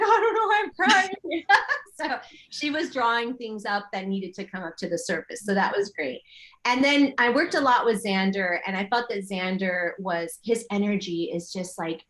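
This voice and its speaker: A middle-aged woman, a yoga teacher, chatting as an interview guest and telling animated stories full of her own remembered thoughts. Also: medium pitch. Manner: animated storytelling with quoted inner thoughts. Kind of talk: casual interview chat.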